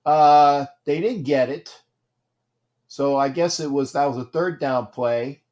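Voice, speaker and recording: A man hosting a casual livestream, greeting viewers by name and commenting on a football game, repeating himself and getting loud at big plays. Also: fairly high pitch, takes it slowly, dull audio. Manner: gets loud and excited during big plays. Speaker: livestream host.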